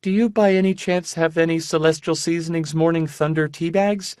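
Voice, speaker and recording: A woman's voice: sits low, steady tone, a little fast, a little mellow, clear, resonant tone, no echo, studio quality, voice pushed up, lightly acted. A man reading an audiobook, voicing a frail, ailing young woman who talks in a trembling, rambling way. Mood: wistful. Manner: trembling, chatty, drifting off.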